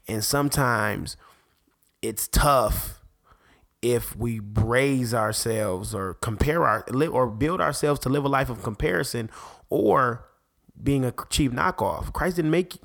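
A man, a parent, hosting a faith podcast in an excitable, rambling monologue that keeps interrupting itself. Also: mid-range voice, creaky. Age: adult parent. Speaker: podcast host.

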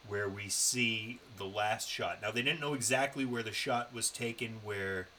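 A man's voice: fairly low pitch, moderate pace, sharp tone, a little hiss or hum, rough recording. A man co-hosting a podcast, telling a road-trip story in a loose, profane, casual way. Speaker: podcast co-host. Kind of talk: casual chat.

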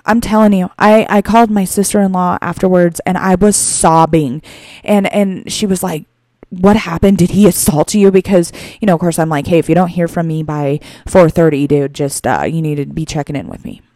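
A woman podcast host telling a moving personal story, tearful and halting, with frequent restarts. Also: on the low side, fairly even intonation, darkish tone, no echo, studio quality.

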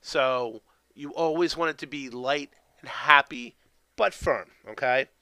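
A man's voice: mid-range voice, measured pace, sharp tone, dry recording. A man giving a loose, conversational lesson on training a puppy, tagging nearly every point with "okay?" and trailing fillers and restarts. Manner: keeps tagging sentences with "okay?". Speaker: dog training instructor. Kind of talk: instructional talk.

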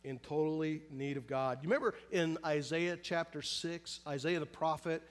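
A man preaching a sermon in earnest, pressing hard on some phrases and drawing others out softly and slowly, often asking his listeners direct questions. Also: a little high. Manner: earnest preaching, shifts between loud emphasis and soft, slow, drawn-out phrases. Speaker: pastor.

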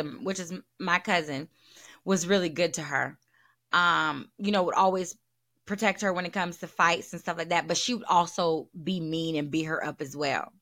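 A woman's voice: fairly low pitch, pushed and bright. A woman hosting a candid solo podcast, talking bluntly and profanely and repeating her points for emphasis. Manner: blunt and profane, talks frankly. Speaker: podcast host.

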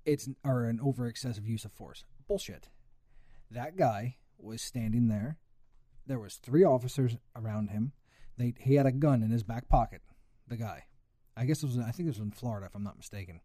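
A man's voice: medium pitch, moderate pace, dark tone, no echo, studio quality. A young man ranting heatedly with lots of swearing in a casual chat.

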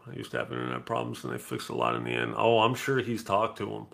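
A man's voice: on the low side, big pitch swings, fast, creaky, a bit bright. A middle-aged man hosting a live podcast, talking in a blunt, profane, casual way. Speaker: podcast host. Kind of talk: casual live-stream chat.

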